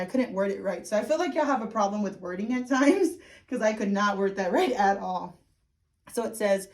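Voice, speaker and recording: A woman's voice: medium pitch, darkish tone. A woman giving a casual, frank tarot reading who laughs often and swears now and then. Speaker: tarot reader.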